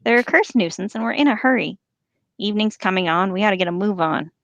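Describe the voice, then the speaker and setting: A woman reading aloud and voicing an impatient male orc with a high valley-girl lilt. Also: fast, a bit bright, no room sound, dull audio, lightly acted.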